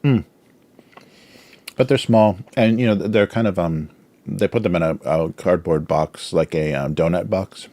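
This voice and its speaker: Deep, unhurried, and dark in tone, this cartoonist's voice runs a casual drawing livestream. He chuckles a lot, leans heavily on fillers as he rambles, and talks around mouthfuls of snacks.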